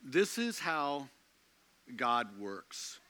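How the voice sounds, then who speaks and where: A man preaching a sermon from the pulpit, slow and emphatic with dramatic pauses. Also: medium pitch, very animated, bright, forceful tone. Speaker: pastor.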